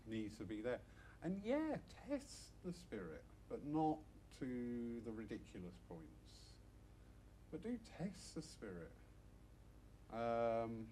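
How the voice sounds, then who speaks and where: A man's voice: lowish voice, a little mellow, a little hiss or hum. A middle-aged man giving an informal church talk to a small audience, chatty with self-mocking asides. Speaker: church speaker.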